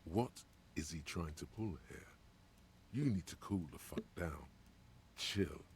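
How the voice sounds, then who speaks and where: A man voicing a sardonic inner voice that narrates the hero's thoughts in a deep, mocking, dramatic way while reading a game aloud. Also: expressive, takes it slowly, a little hiss or hum, full character voice.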